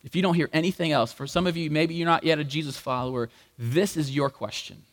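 A man preaching a sermon as pastor, animated and acting out the voices in the story. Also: a little high, brisk. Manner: animated, acts out voices in quotes. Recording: long hall reverb.

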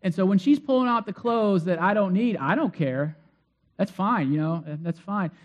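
High-voiced man preaching a sermon. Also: animated, normal speed, lo-fi sound. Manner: conversational, acts out quoted voices. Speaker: pastor.

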